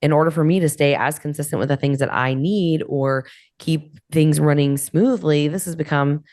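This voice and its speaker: A woman's voice: low-pitched, normal speed, a little mellow, dry recording, studio quality. A woman hosting a podcast, asking long questions that hedge and circle with "you know". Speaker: podcast host. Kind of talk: interview questioning.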